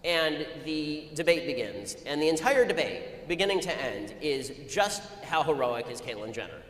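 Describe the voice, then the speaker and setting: A man telling a story to an audience in a rapid-fire, argumentative way. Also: on the high side, very animated, fairly bright tone. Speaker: speaker addressing an audience. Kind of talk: anecdotal public talk. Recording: echoey hall with long reverb, faint ambient noise.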